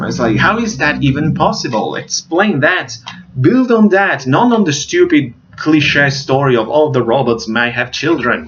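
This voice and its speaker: A man's voice: medium pitch, background noise. Rambling man reviewing films, lo-fi. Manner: rambling, searches for names, many fillers. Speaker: movie reviewer. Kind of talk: casual movie review.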